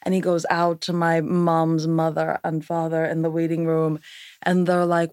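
A woman guest on a podcast, chatting casually and telling a lively family story. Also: lowish voice, moderate pace, dry recording, studio quality. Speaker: podcast guest, wellness founder. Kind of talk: casual interview chat.

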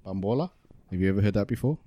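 A man's voice: lowish voice, animated, racing, dark tone, no echo, dull audio. A man co-hosting a casual podcast, running a word quiz in a laid-back, swearing manner. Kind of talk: casual banter.

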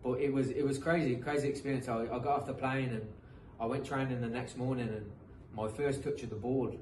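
An Englishman in his thirties, a professional footballer, tells his story as a podcast guest in a casual interview, earnest and motivational, often restarting his phrases. His mid-range, slightly mellow voice moves fairly quickly with fairly even intonation. The distant mic catches a roomy echo and faint background noise.

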